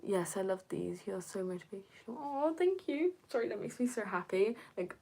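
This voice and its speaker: A young woman chatting on a live stream and reading comments, rambling with lots of fillers, slipping into soft whispers and jumping high when excited. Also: normal speed, vocal fry. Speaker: content creator.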